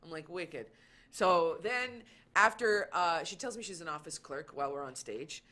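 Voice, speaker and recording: A woman comedian chats as a guest on a talk show, her voice bright and pitched on the low side for a woman. She tells stories in an animated way and acts out what other people said. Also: normal speed. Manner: animated storytelling, acts out quoted lines. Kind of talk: casual chat.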